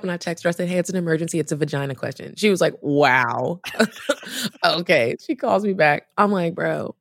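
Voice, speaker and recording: A woman guest on a podcast, telling a story in casual chat, animated and profane, acting out the people she quotes. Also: low-pitched, a little fast, gravelly, no echo, studio quality.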